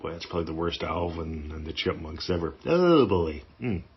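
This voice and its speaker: A man's voice: low-pitched, animated, moderate pace. A man hosting a podcast, teaching in a casual, playful way and acting out little inner voices. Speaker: podcast host. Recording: dull lo-fi sound.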